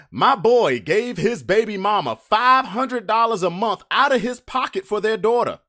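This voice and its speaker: A man hosting a casual livestream podcast, reading memes to his chat with drawn-out emphatic delivery, loose slang. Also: high-pitched, expressive, sharp tone.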